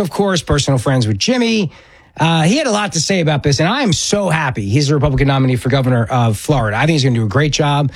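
A man's voice: on the high side, dry recording. A man hosting a political talk radio show, delivering an opinionated monologue and repeating words for emphasis. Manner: emphatic, repeats words when pressing a point.

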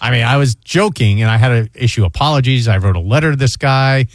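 A man's voice: medium pitch, quick pace, dry recording, studio quality. A middle-aged man from New York hosting a radio show, telling rambling self-deprecating stories in casual chat.

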